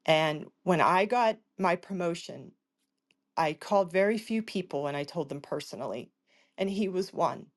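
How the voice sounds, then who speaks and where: A woman, a patient advocate, telling a personal story in a panel discussion, acting out the people in it with quick jumps in pitch. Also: expressive.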